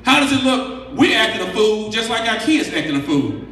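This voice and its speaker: A man's voice: high-pitched, very animated, normal speed, a bit bright. A man giving an emphatic, preachy motivational talk to a workshop audience, counting off numbered points. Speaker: workshop speaker. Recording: echoey hall from far off.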